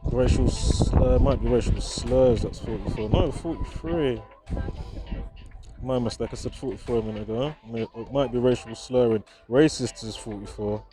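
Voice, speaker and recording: A man's voice: medium pitch, normal speed, warm tone, soft background music. A man vlogging outdoors in a park, in casual commentary to viewers, chuckling often and chatty, with frequent restarts.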